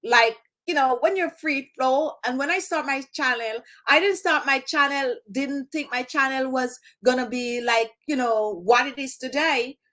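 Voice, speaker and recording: Woman, Jamaican accent, drops her H's, high voice, casual vlog host talk. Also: unhurried, hardly any pauses, a bit bright. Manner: repeats phrases for emphasis. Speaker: beauty channel host. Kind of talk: casual chat to camera.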